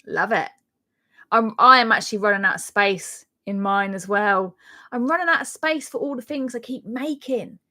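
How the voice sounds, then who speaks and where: A chatty woman with a Norfolk accent, talking casually on a live stream. She rambles in a friendly, self-deprecating way and laughs between thoughts. Her pitch sits in an ordinary middle range. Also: normal speed, pushed and bright. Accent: Norfolk English. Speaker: crochet channel host.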